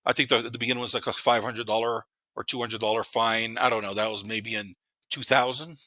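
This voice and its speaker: A man in his fifties tells wild stories at a rapid clip in a bright, forceful voice. He rambles, swears freely and laughs along with his own tales. The sound is close and dry. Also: medium pitch, fairly even intonation, no echo. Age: 50s. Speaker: podcast guest. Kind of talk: casual storytelling.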